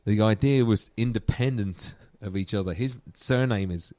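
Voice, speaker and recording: An Irish man with a fairly low voice tells a story in an easy, casual chat. He laughs often as he talks. The sound is dry and close, with little room around it. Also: normal speed, mellow, dry recording. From Ireland. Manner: laughs often while telling stories. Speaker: guest musician.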